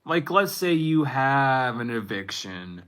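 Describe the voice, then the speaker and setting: Man in his twenties, bright and forward, talking loosely to his viewers and breaking off mid-thought. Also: mid-range voice, big pitch swings, slow pace, smooth. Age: 20s. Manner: rambling, self-interrupting, laughs at himself. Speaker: tarot reader. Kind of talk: casual spiritual reading to viewers.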